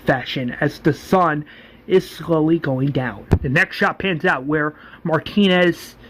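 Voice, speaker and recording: A man's voice: fairly high pitch, takes it slowly, background noise. A man casually retelling a story, rambling and often restarting his sentences.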